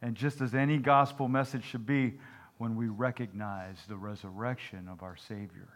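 A man's voice: lowish voice, steady tone, moderate pace. A man preaching a sermon, telling folksy jokes and asking his congregation "Amen?" and "okay?". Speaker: pastor.

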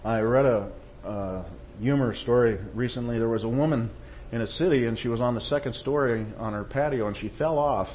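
A man's voice: medium pitch, brisk, few pauses, lo-fi sound, a little hiss or hum. A man preaching a sermon, reading quotations with rising force and checking in with the congregation. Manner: tag questions to the congregation.

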